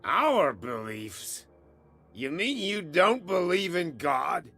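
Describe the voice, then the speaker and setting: An actor playing a suspicious, hostile island man in a game, speaking slowly and threateningly. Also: a little high, very animated, bright, forceful tone, soft background music, exaggerated voice.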